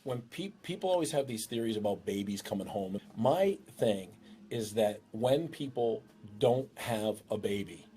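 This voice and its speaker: A man's voice: animated, measured pace, mellow, slight background noise. A middle-aged man, a dog trainer hosting his show, giving casual, joking advice on dogs and a new baby. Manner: joking, breaks into shrill impressions of owners.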